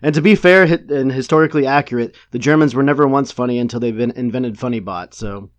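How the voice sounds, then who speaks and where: A man co-hosting a podcast who chats casually and throws in quick jokes. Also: medium pitch. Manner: joking, quick wisecracks. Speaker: podcast co-host. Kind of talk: casual chat.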